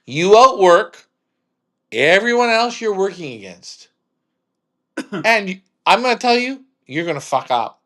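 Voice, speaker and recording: A man's voice: high voice, very animated, unhurried, pauses often, a bit bright. Blunt, emphatic male host. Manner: blunt, emphatic, swears freely. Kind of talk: casual chat.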